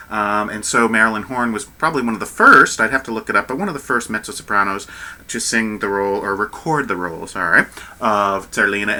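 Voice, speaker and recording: A man talks through an opera recording in a loose, rambling way, stopping to correct himself and then getting excited again. His voice sits a little low but has a strongly bright, sharp edge. It sounds like an unscripted casual commentary. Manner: rambling, self-correcting, chatty and animated.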